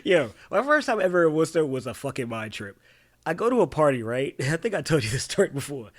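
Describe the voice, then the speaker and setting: An animated young man from tells stories on a casual podcast. His voice sits a bit high and swings widely in pitch as he acts out other people's voices. He swears freely and laughs often. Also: fast. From Boston. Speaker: podcast co-host. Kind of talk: casual storytelling chat.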